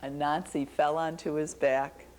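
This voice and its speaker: A woman telling a folktale to a young audience, animated and asking them questions. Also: deep voice, unhurried. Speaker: storyteller.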